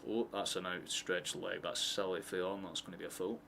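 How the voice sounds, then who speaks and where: A man with a Scottish accent giving casual, excitable live football commentary, swearing freely and drifting into chatty asides. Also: deep voice, brisk, vocal fry, a little hiss or hum. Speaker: streamer hosting a match watchalong.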